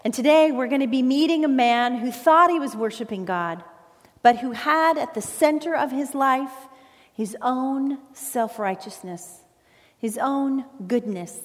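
A woman pastor preaches a sermon in an earnest, emphatic way, leaning on pauses. Her voice sits a little high. It rings out with a long reverb, recorded in a church sanctuary.

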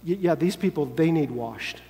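A man's voice: on the high side, expressive, normal speed, warm tone. A man preaching a sermon in an earnest, emphatic way, sometimes acting out quoted lines. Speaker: pastor. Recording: long hall reverb.

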